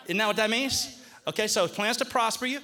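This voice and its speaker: A male pastor with a high-sitting voice preaches a call-and-response sermon in church, talking a little fast. He's animated, coaxing the congregation to repeat scripture back to him.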